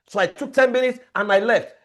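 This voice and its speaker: A man's voice: extremely high pitch, fairly quick, sharp tone. A man, a family life coach giving an emphatic motivational training lecture, repeating key words as he tells stories.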